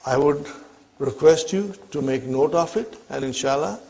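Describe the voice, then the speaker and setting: A man's voice: a little high, normal speed, vocal fry, mellow. A man teaching an Arabic grammar lesson. He explains step by step, repeats his questions and often checks "are you with me?".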